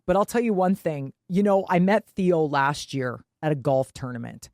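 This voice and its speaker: A woman's voice: low-pitched, moderate pace, a little mellow, no echo, clean studio sound. A woman co-hosting a sports podcast, talking bluntly in casual chat. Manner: blunt, chatty. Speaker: podcast co-host.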